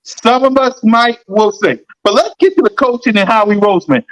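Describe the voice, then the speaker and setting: A man's voice: very high voice, moderate pace, few pauses, a bit bright, rough recording. A man rants about football on a podcast. He hammers his points again and again, fired up and blunt. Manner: fired-up, repetitive ranting. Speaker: podcast host. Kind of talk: heated sports podcast rant.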